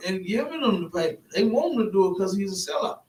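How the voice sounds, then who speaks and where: A man with a high voice talks loosely and circles back to his points, checking in with the listener again and again. He sounds off-mic in an echoey room, with a faint hiss behind him. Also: animated, fast, a little mellow, distant mic. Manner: rambling, repeats "you know what I'm saying". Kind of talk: casual spoken discussion.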